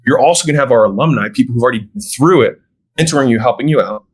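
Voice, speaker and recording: A man as a podcast guest, explaining how he sells fitness programs in casual conversation and often checking in with a quick "right?". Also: medium pitch, slightly rough, poor audio. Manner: acts out sales dialogue, often tags "right?". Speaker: podcast guest, gym business owner.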